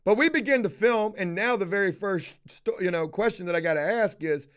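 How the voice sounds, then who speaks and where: A man's voice: high-pitched, normal speed, few pauses. A man streaming live, telling a story in a casual way. He swears a lot and keeps breaking off to call out viewers in the chat. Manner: profane and animated, calling out viewers in the chat.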